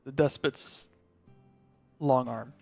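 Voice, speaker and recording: An earnest young male warlock, played by a man at a tabletop game. He speaks solemnly and slowly, in a measured, heartfelt way. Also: medium pitch, fairly even intonation, faint music behind.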